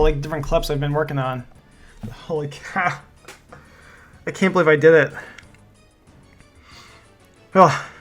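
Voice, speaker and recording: Shaky, breathless gamer talking to viewers. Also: medium pitch. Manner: breathless, repeats exclamations, rambling. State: shaky with nerves and relief. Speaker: gaming video creator. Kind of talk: casual gameplay commentary to viewers.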